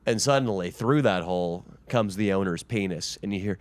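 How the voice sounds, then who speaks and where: A man hosting a podcast, teasing his guest with deadpan crude jokes. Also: low voice, brisk, hardly any pauses, no room sound. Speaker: podcast host. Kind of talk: casual podcast banter.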